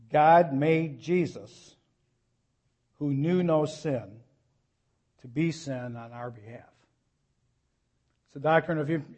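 Pastor, male, fairly high voice, earnest sermon delivery with urgent appeals. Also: darkish tone. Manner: earnest preaching, reads scripture slowly, rises to urgent appeals.

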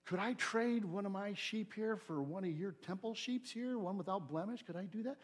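A man's voice: high voice, normal speed, slightly rough. Man playing a pleading, flustered worshipper. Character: eager anxious male worshipper bringing a lamb.

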